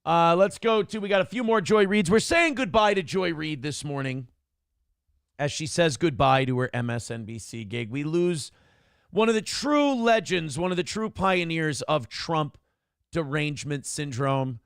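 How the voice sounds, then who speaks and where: A man's voice: on the high side, lively intonation, moderate pace, smooth, dry recording, clean studio sound. A man hosting a morning talk show, chatting casually with a sarcastic, rambling delivery.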